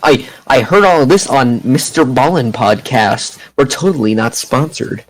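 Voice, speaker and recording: A man's voice: medium pitch, normal speed, dry recording, rough recording. A man co-hosting a casual podcast, stammering a little and laid-back with jokes. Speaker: podcast co-host.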